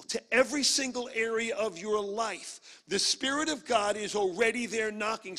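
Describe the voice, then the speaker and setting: A man from Brooklyn, New York, preaching a sermon as a guest preacher, energetic and humorous. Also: high-pitched, in a large hall.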